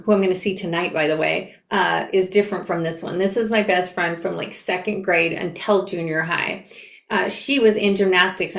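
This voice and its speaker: A woman's voice: on the low side, creaky. Woman reading aloud in an echoey room. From Portland, Oregon, USA. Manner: casual, animated, chatty asides. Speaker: book reader and commentator. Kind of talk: reading a memoir aloud with reactions.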